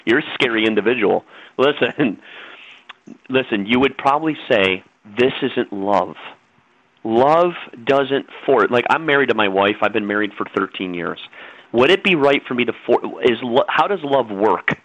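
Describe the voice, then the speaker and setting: A man's voice: mid-range voice, expressive, normal speed, a bit bright, dry recording, muffled recording. A middle-aged man, a guest on a radio talk show, lecturing in a preachy, insistent way.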